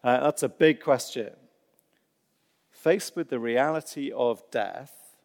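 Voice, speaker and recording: A man preaching a sermon, telling stories with animated delivery and dry, self-deprecating humor. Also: mid-range voice, takes it slowly, creaky, long pauses. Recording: long hall reverb.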